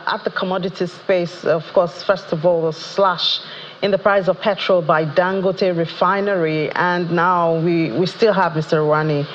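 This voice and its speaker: Morning-show presenter doing the break and welcome back, mid-pitched voice, kinda dull audio. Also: a little hiss or hum. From Nigeria. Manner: polite, brisk interruptions and segues. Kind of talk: live TV interview hosting.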